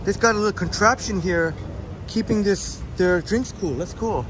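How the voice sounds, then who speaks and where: A man's voice: sits high, normal speed. A man live-streaming while walking outdoors downtown, chatting casually and answering viewer comments with frequent laughs. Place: outdoors on a busy downtown city street. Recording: loud city street traffic noise.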